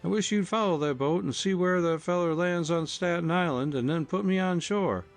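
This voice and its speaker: A man's voice: sits high, normal speed, faint music behind, voice pushed up. A man voicing a surly young male messenger who sneers and snarls his words, in a storybook reading.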